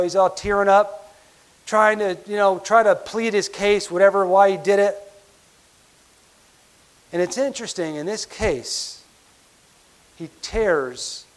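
A man preaching a sermon, emphatic, slowing down on key words and asking rhetorical questions. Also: high-pitched. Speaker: pastor.

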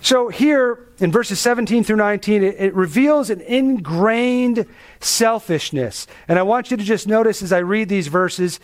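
High-pitched guy preaching, pastor teaching a bible passage, chatty but emphatic, lots of questions to the crowd. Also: unhurried. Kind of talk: expository sermon.

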